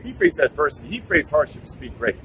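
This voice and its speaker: A man's voice: on the high side, very animated, quick pace, bright, forceful tone, poor audio. A man giving a casual scripture talk, preachy, repeating himself and restarting his sentences. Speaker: bible teacher.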